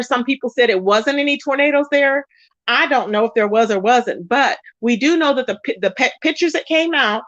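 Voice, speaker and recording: A woman's voice: high-pitched, fairly bright tone, no room sound, lo-fi sound. A woman hosting a casual livestream, talking to viewers and reading their comments aloud. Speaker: livestream host.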